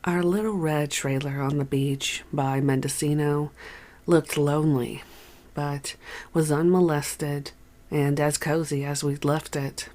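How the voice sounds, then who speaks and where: A soft-spoken reader narrates a first-person memoir aloud at a slow, measured pace. The voice stays at a mid pitch with an unhurried, even delivery. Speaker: audiobook reader.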